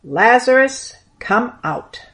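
A woman reading the part of Jesus in a storybook, speaking with solemn tenderness and quiet authority. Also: lowish voice, moderate pace, lightly acted. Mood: commanding. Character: gentle, commanding man, Jesus.

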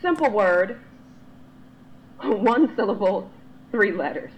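A woman vlogger talking straight to camera in a lecturing, emphatic way, with her pitch jumping high when she is exasperated. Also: lively intonation, slow, a little hiss or hum, poor audio. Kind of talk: to-camera monologue.

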